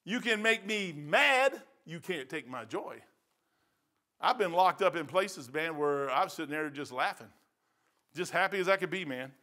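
A middle-aged man preaching a sermon in a church, telling folksy stories, saying "man" often and swinging from loud to quiet. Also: fairly high pitch, lively intonation, a little slow. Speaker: pastor. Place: church sanctuary.

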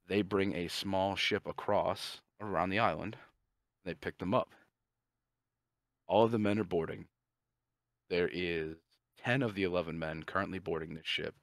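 A man co-hosting a podcast, casually pitching a movie plot in a rambling, profane way and briefly voicing the characters. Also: no echo. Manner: profane, rambling, acts out characters' lines in quick asides. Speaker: podcast co-host.

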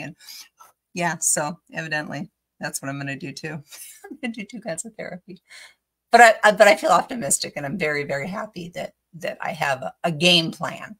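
A woman's voice: deep voice, expressive, brisk, fairly bright tone. A middle-aged woman hosting a crafting video, chatting in a rambling, storytelling way with frequent laughs. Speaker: crafting channel host. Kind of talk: casual chat while crafting.

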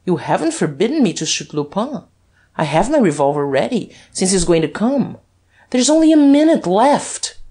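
A woman reading the lines of a cold, commanding gentleman thief posing as a duke, jeering and menacing. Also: big pitch swings, moderate pace, husky, heavily acted. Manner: jeering, menacing, deep and compelling.

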